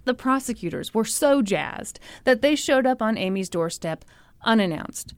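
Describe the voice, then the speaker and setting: A woman's voice: a little high, normal speed, clear, resonant tone, no room sound. A woman podcast host telling a story with sarcastic humor and frequent laughter. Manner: sarcastic, animated, laughs often. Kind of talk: comedic storytelling.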